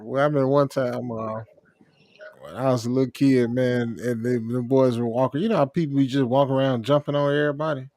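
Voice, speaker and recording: A man's voice: medium pitch, steady tone, a little fast, darkish tone, no echo. A man chatting casually in laid-back slang, trading stories with friends. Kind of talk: casual chat.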